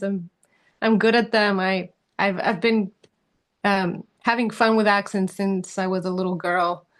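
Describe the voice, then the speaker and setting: A woman actress in an interview, speaking in a mid-range voice. She is earnest and halting, pausing and restarting as she hunts for the right words. She breaks into easy laughter. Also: mid-range voice. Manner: earnest, speaks of passion and spirituality. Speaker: actress guest. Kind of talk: interview answers.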